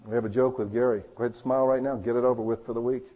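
A man preaching a sermon as pastor, talking conversationally and swinging between loud emphasis and hushed asides. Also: medium pitch, steady tone, racing, big-room sound, lo-fi sound.

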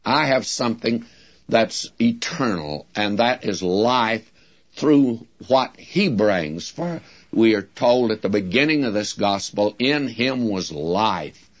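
Male Bible teacher, slow deliberate sermon delivery, stresses key words, dull lo-fi recording. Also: lowish voice, animated. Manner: addresses listeners directly, folksy asides.

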